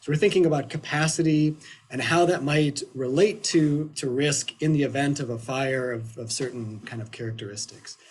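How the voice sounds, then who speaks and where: A man presenting research in a webinar, slightly hoarse from allergies, hesitant with many fillers and restarts. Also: medium pitch, normal speed. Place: at home in Ohio.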